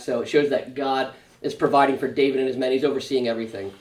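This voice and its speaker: A man's voice: mid-range voice, steady tone, fast talker, darkish tone. A man pastor leading a Sunday school Bible study, explaining the passage in a conversational way with fillers and asides. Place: church classroom. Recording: echoey room, mic at a distance.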